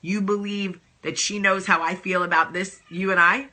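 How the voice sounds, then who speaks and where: A woman voicing her own blunt, deadpan husband, who talks in a flat, matter-of-fact and teasing way. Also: mid-range voice, normal speed, natural voice.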